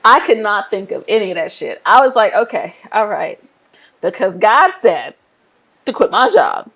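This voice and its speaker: A woman from Nigeria, an interior designer, telling her career story in a casual, lively way and laughing often. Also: mid-range voice, moderate pace. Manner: lively, laughs often, acts out quoted voices.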